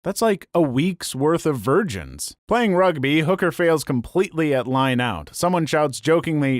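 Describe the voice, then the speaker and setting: A man narrating online stories in a scripted, lively and comic way. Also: on the high side, moderate pace, hardly any pauses, dry recording, clean studio sound. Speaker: story narrator.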